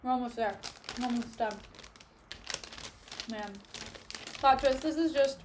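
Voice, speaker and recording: A woman's voice: sits high, unhurried, background noise. A young woman chatting casually with her live-stream viewers from home, joking and snacking between remarks. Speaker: livestreamer. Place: at home, sitting on the floor.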